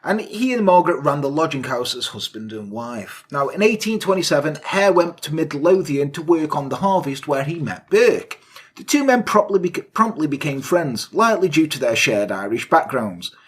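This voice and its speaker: A man's voice: fairly high pitch, animated, moderate pace, breathy edge. A man co-hosting a crude, jokey podcast, telling a true crime story with lots of swearing and asides. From England. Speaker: podcast co-host. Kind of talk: casual crude comedic chat.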